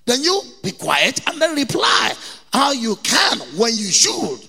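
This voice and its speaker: A middle-aged Nigerian man preaching with a high, bright, gravelly voice. His delivery is emphatic, with key words hammered again and again. The sound rings with a long church-hall reverb. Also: wildly swooping pitch, unhurried. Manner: emphatic preaching, repeats key words, mimics people in anecdotes. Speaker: pastor. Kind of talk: sermon.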